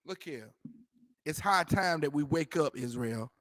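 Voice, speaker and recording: Here the teacher's voice is fairly high and bright, animated but a little slow, captured as clean studio sound without echo. Leading his scripture class, he uses street slang, drives points home by repeating them, and tells the reader to go ahead.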